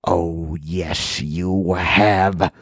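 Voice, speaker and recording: A man voicing a vengeful, growling, monkey-like creature from a folk tale, chanting slowly and menacingly. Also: low-pitched, fairly even intonation, a bit bright, breathy edge, no echo, studio quality, pitched below the performer's own voice, full character voice. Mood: snarling. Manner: slow, drawn-out, menacing chant.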